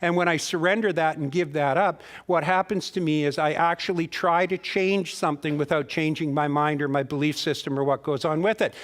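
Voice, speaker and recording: A man's voice: fairly high pitch, steady tone, a little fast, few pauses. A man giving a guest sermon as a folksy, rambling storyteller, restarting words and putting questions straight to his congregation. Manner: talks directly to the congregation with questions. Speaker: guest minister. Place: spiritual center sanctuary.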